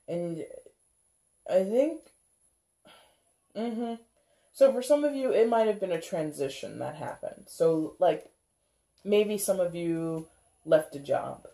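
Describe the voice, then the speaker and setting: A tarot reader talks through a casual reading for viewers with a mellow, warm voice. The talk rambles, full of "like" and "kinda", with frequent laughs and playful act-outs of how viewers might feel. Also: mid-range voice. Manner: laughs often, acts out viewers' reactions.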